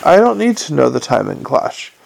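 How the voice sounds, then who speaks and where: A man's voice: fairly high pitch, very animated, normal speed, creaky, a little hiss or hum, full character voice. A man voicing a weary, dry middle-aged commander of the city watch who speaks tersely.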